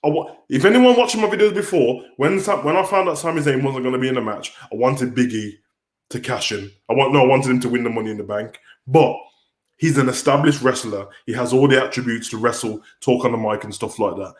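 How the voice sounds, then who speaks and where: A man's voice: mid-range voice, brisk. A man hosting a livestream, ranting bluntly and casually with many restarts. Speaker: wrestling commentator and livestream host. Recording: roomy echo.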